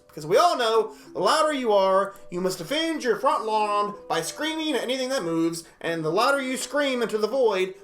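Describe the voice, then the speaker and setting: High, bright, excitable young man. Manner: excitable, jokey, laughs often, stumbles over words. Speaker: video reactor. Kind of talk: casual reaction commentary, reading facts aloud.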